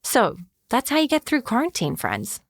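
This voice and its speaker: A woman's voice: a little high, huge pitch swings, moderate pace, no room sound, studio quality. A woman hosting a solo podcast, talking earnestly and encouragingly to listeners as a therapist. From Australia. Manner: earnest, encouraging, repeats catchphrases.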